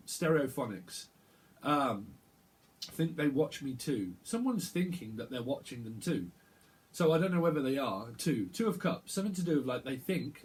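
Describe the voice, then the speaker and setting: A man giving a channeled tarot reading, rambling and halting, often repeating words as he picks up messages. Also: fairly high pitch. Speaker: tarot reader.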